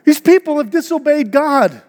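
Pastor guy preaching, fairly high voice, chatty and earnest, long echo from a big church hall. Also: expressive, normal speed, a little mellow. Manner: earnest, conversational preaching with rhetorical questions. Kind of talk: sermon. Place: church auditorium.

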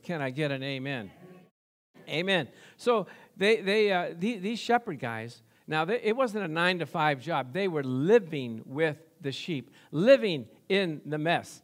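A man preaching a sermon, swelling into excited call-and-response with repeated amens and storytelling. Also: on the high side, unhurried. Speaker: pastor.

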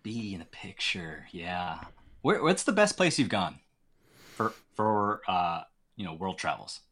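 A man's voice: sits low, big pitch swings, measured pace, a bit bright. Podcast host guy, jokey and curious, voice jumps all over the place. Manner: curious, joking, asks many questions. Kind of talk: casual chat.

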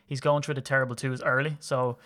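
A man in his thirties from Ireland, co-hosting a podcast in quick, teasing casual chat. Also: mid-range voice, level tone, fairly bright tone. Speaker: podcast co-host.

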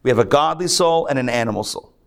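A man's voice: medium pitch, lively intonation, quick pace, vocal fry. A man, a rabbi, giving a conversational, joking lecture to a live class, thinking aloud and restarting his sentences. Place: synagogue class.

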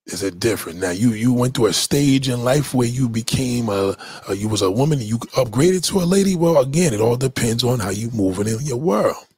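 A man with a husky voice holds forth on his livestream, emphatic and preachy, swearing freely. The sound is close and dry, with no room around it. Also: mid-range voice, darkish tone, no echo. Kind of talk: casual livestream monologue.

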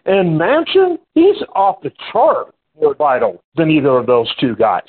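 A high-voiced, husky man hosts a radio talk show and chats with his guest. He tells his stories in an animated way and talks right through his fillers. The sound is thin and phone-like. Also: measured pace. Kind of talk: casual on-air chat.

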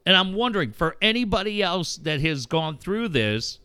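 Middle-aged male podcast host, frank and profane, with a crisp, bright voice in a dry, close room. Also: sits high, big pitch swings, moderate pace, dry recording. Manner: candid, profane, reflective storytelling. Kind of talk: casual conversation.

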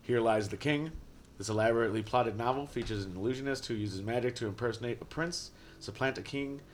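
A man's voice: medium pitch, a little fast, a little hiss or hum. A man narrating as game master, casual and descriptive, with frequent fillers.

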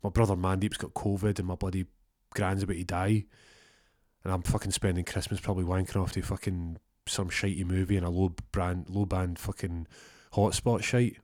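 Bitter, reckless young lad, sweary rant, lowish voice, as a man does him. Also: little pitch movement, a little mellow, dry recording, clean studio sound, natural voice. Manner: sweary, quick, ranting.

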